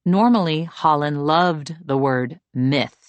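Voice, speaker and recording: A woman narrating an audiobook in a steady, measured storytelling manner. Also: sits low, no room sound, lo-fi sound. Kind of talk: scripted narration.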